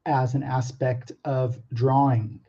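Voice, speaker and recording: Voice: medium pitch, little pitch movement, takes it slowly, dark tone, dull audio. An artist talking casually to camera about drawing, hesitant and nervous, with many ums and restarts and some self-mocking asides.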